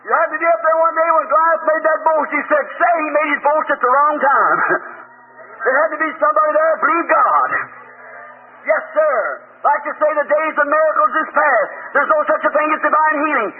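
A man preaching a revival sermon, telling the story in a folksy way and breaking into shouted hallelujahs. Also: very high-pitched. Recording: tinny old lo-fi tape, faint hiss.

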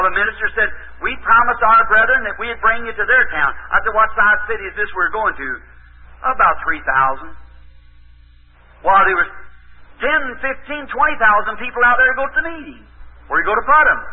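A man's voice: high-pitched, slightly rough. A man preaching a sermon, telling stories in a folksy, plain-spoken way and acting out the dialogue. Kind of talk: sermon with storytelling. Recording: tinny lo-fi old recording.

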